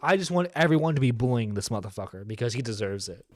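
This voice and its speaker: A man's voice: medium pitch, expressive, fast, dry recording. A man hosting a live stream, ranting in heated, profane reaction commentary. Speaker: streamer host.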